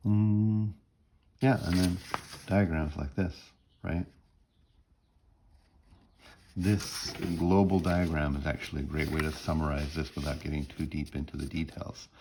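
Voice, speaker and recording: A man's voice: rumbling low, level tone, moderate pace, background noise. A man teaching music theory in a recorded lecture, explaining step by step, humming bits of melody and often checking in with "right?".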